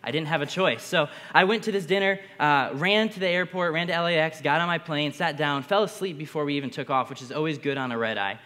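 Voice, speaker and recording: A young man giving a motivational keynote talk, telling a story with energetic bursts. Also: a little high, fast, hardly any pauses. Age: young adult. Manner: energetic, builds to bursts of excitement. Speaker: conference speaker. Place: large hall. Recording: long hall reverb.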